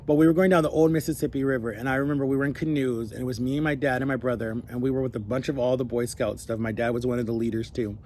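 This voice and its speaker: Young guy rambling thru a story to camera, average pitch, little background hiss. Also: very fast, hardly any pauses. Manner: rambling, animated, acts out quoted voices. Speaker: vlogger. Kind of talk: casual storytelling.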